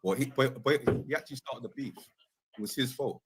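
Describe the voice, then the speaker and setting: Fast-talking man, noisy line. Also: medium pitch. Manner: quick and offhand, says man and innit. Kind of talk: casual live-stream chat.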